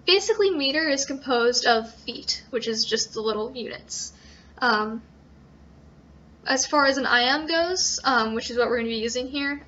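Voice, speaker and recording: A young woman with a high, sharp voice gives an informal tutorial on writing a sonnet as a student presenter. She sounds hesitant, with frequent ums and self-corrections, on a dull lo-fi recording.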